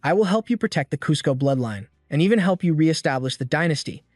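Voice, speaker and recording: Guy doing a cold calm young swordsman, firm and grim, dry close mic, faint music behind. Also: fairly high pitch, fast talker, no room sound.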